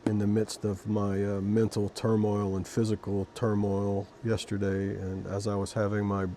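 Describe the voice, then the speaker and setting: A man reading scripture and then reflecting on it in an emotional, halting way, with many restarts. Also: fairly low pitch, completely flat delivery, mellow, a little hiss or hum. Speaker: Christian devotional video host.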